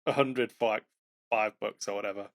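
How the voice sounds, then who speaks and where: A man with a lowish voice and steady tone talks at normal speed. He co-hosts a podcast and serves as a game master, chatting casually about running tabletop games, poking fun at himself, with fillers and false starts.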